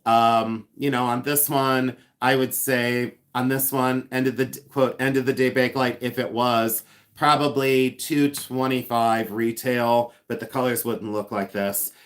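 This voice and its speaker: A man from Ohio hosts a live stream as a reseller, chatting loosely and rambling from one thing to the next. He leans on lots of fillers and slows down to spell words out letter by letter. His voice sits at an ordinary middle pitch for a man. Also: little pitch movement. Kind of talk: casual live-stream chat.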